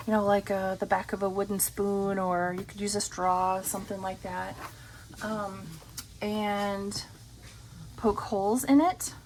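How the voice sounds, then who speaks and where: A woman vlogging about her budget at home, chatting casually and rambling with many pauses and ums while counting cash. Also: medium pitch, steady tone, slight background noise, low-quality recording.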